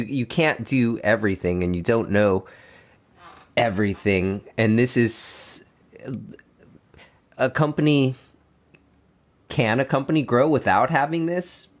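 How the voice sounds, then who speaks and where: A man's voice: medium pitch, slow pace, long pauses. A man co-hosting a podcast, asking the guest questions casually and rephrasing himself as he goes. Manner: searching, restarts questions. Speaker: podcast co-host.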